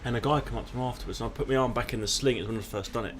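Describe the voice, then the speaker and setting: A man's voice: mid-range voice, very fast, slight background noise. A man co-hosting a live comedy podcast, telling rambling anecdotes in casual chat. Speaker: podcast co-host.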